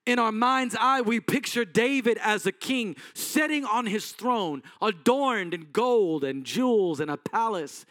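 A male pastor preaches a sermon, telling the story in a chatty way and quizzing the crowd. His voice sits quite high for a man. The sound is dry and close, with little room. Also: fairly bright tone, no echo. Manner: conversational storytelling, quizzes the congregation.

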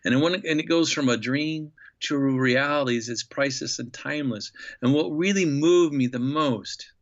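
A man's voice: mid-range voice, normal speed. A man recounting a travel memory as an interview guest, thoughtful and enthusiastic, with lots of fillers and restarts. The audio is a little dull and lo-fi. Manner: enthusiastic, reflective storyteller with many fillers. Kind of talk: storytelling in a podcast interview.

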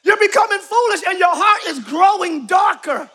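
A man preaching a live sermon in a church, shouting his points and calling on the congregation to answer. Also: very high-pitched, normal speed. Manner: preaching with shouted emphasis and call-and-response to the congregation. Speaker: pastor. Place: church sanctuary.

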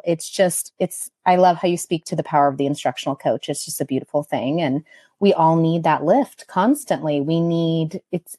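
A woman's voice: low voice, mellow, no room sound. A woman podcast host speaking in an appreciative, reflective way to her guest. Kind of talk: interview.

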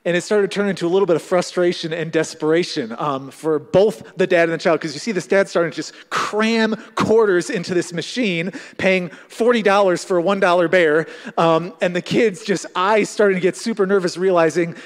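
A man's voice: high-pitched, brisk. A male pastor giving a conversational, storytelling sermon to a congregation. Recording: long hall reverb.

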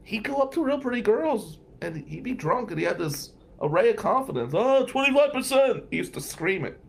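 A man's voice: high-pitched, big pitch swings, fairly quick, creaky. A man telling a long personal story in a casual, digressive way, with wry asides and some swearing.

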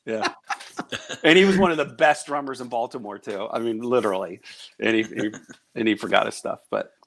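Relaxed chuckling guitarist guest. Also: male voice, mid-range voice, fairly quick, gravelly, slight background noise. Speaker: guest musician. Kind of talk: casual chat.

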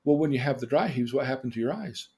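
Man, teacher, theatrical storytelling, exclaiming, quizzing the listener, gravelly, lively pitch. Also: quick pace. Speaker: therapist and teacher. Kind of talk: animated storytelling lesson.

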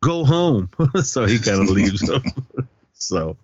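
Low-voiced guy rambling thru a movie plot, lots of ums, dry dull podcast sound. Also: animated, slow, husky, no echo. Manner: rambling, self-correcting, many fillers. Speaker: podcast co-host. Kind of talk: casual movie plot recap.

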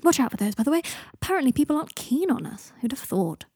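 A woman reading a fan fiction audiobook and voicing a sharp-tongued, sarcastic young man with a theatrical drawl. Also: sits high, big pitch swings, fast, husky, no room sound, clean studio sound, pitched above the performer's own voice, exaggerated voice.

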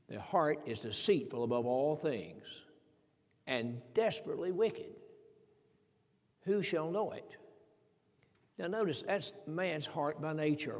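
A man's voice: on the high side, a little mellow. A man, a pastor preaching a sermon, emphatic and repetitive, asking rhetorical questions. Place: church sanctuary. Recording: long hall reverb.

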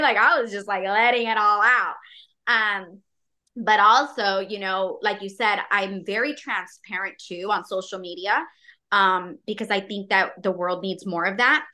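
Bright, expressive chatty woman. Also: mid-range voice, normal speed. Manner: expressive, heavy filler words, acts out quotes. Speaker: podcast guest. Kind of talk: candid casual conversation.

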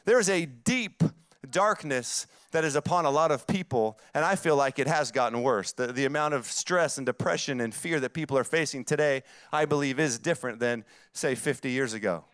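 A man's voice: mid-range voice, moderate pace, fairly bright tone, clear, resonant tone, dry recording. A man in his forties with a Southern accent, preaching a sermon with emphatic, repeated phrases that build up. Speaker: pastor.

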